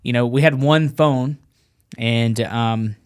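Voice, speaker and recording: Animated Marine veteran telling a story. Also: male voice, mid-range voice, takes it slowly, clean tone. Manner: animated, acts out dialogue, profane. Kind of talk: casual storytelling.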